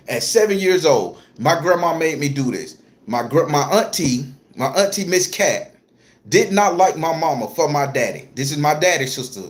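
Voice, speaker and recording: Profane, emphatic man telling a story. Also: a little high. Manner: profane, emphatic, repeats himself for stress. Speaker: spiritual content creator. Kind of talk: casual storytelling to camera.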